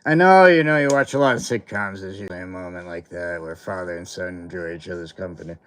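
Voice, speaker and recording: Male livestream host, lower pitch, casual anecdote teller, filler-heavy and rambling, laughs a lot. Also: fast talker, background noise. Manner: rambling, many filler words, laughs through the story. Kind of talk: casual storytelling chat.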